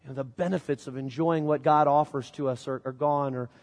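A man's voice: medium pitch, fairly even intonation, a little fast, darkish tone. A middle-aged man from Illinois preaching a sermon as pastor, telling a story in a conversational way. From Illinois, USA. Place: church sanctuary. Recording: long reverb of a church hall.

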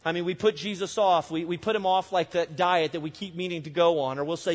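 A man's voice: a little high, fairly even intonation, brisk, hardly any pauses. A man preaching a sermon as pastor, in a conversational way full of "you know" and "I mean". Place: church. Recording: long reverb of a church hall.

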